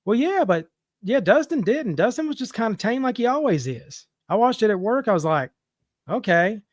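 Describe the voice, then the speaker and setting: A man's voice: sits high, sing-song, a little fast, dry recording, studio quality. Heated, profane male caller ranting. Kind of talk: casual call-in rant.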